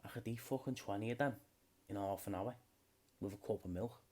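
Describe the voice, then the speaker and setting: A man's voice: on the low side, brisk, darkish tone. A young British man hosting a solo comedy podcast, rambling freely and swearing a lot. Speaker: podcast host.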